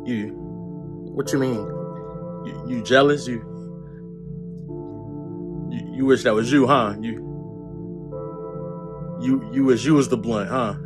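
A man's voice: mid-range voice, fairly even intonation, slow, pauses often, music in the background. A man performing a comedy sketch, talking in stammering, repetitive, pushy banter.

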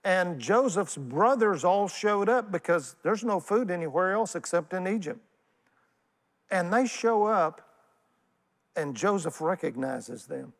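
A Texan man preaching in a church, his fairly high voice carrying a long reverb through the room. He speaks in a folksy, animated way and keeps drawing the congregation into call-and-response. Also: unhurried, vocal fry. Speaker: pastor. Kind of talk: sermon. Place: church sanctuary.

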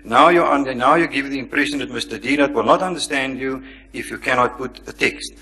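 A man's voice: medium pitch, a little fast, vocal fry, bright, forceful tone, faint music behind. A man chairing a public question session, speaking firmly and insistently. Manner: firm, insistent, emphatic. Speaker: event chairman. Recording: long hall reverb.

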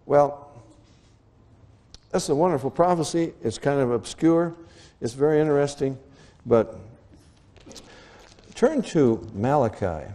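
Animated male preacher, lively pitch. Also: slow, pauses often. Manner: animated, rising to excited high exclamations. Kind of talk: Bible teaching sermon.

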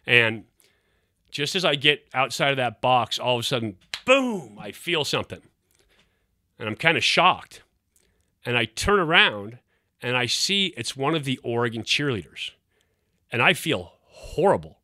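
Man, middle-aged, casual storyteller, bright forceful voice, dry close sound. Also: mid-range voice, unhurried, long pauses, dry recording. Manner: animated, acts out quotes. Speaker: host, former quarterback.

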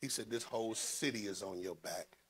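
A man preaching a sermon, swinging between loud rises and low hushed asides. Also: normal speed, breathy edge. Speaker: pastor.

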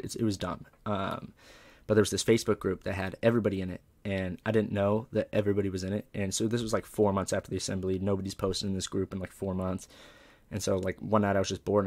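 A man's voice: deep voice, darkish tone. A man from Southern California, a comedian guest, telling a story in a laid-back, profane way and saying "like" and "dude" a lot.

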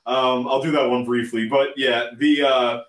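A man at an ordinary pitch tells a band story in a loose, rambling way, laughing along with it. His voice rings around an echoey room. It sounds like a relaxed, casual chat. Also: a little slow, far from the mic. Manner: rambling, laughs while recounting. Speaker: band member guest.

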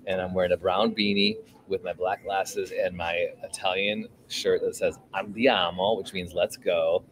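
A podcast host from the San Francisco Bay Area chats upbeat and informally on a live podcast, joining over a video call from a coffee shop with crowd chatter behind him. His voice sits low with fairly even intonation, a little slow and fairly bright. The audio is poor, with a little hiss or hum.

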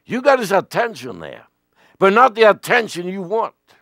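A man preaching a sermon with emphasis, swinging between loud and hushed. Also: high voice, sing-song, moderate pace, gravelly, dry recording, studio quality.

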